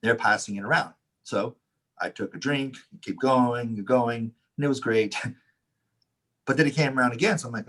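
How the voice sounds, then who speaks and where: Husky-voiced man telling a rowdy story. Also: mid-range voice, fairly quick. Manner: animated anecdote, acts out quotes, laughs often, swears. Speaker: Taoist teacher, podcast co-host. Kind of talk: casual storytelling chat.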